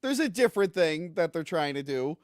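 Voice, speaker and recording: A man with a slightly high voice talks casually about movies, laughing often and acting out little quotes. The sound is dry and close, with no room echo. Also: very animated, normal speed. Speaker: guest film reviewer. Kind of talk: casual podcast chat.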